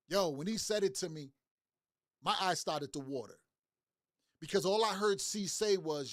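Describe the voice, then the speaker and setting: A man's voice: high voice, normal speed, no room sound, studio quality. A man telling a motivational story in loose slangy talk, often repeating his words as he goes. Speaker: motivational speaker.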